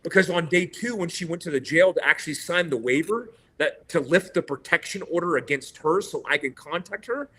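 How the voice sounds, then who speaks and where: Guest, male, middle-aged: lively storyteller, bright and slightly high voice, acts out dialogue. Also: a little fast, hardly any pauses, husky. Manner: retells with quoted dialogue and laughs. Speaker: interview guest. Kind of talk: animated storytelling.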